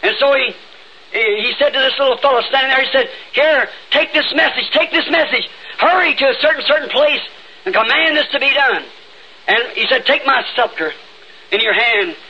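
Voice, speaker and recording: Fervent high-voiced Southern preacher on old tape. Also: male voice, moderate pace. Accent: Southern United States. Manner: fervent, rising to sudden shouts. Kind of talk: old-time revival sermon. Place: church sanctuary. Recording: dull lo-fi 1960s tape with faint hiss.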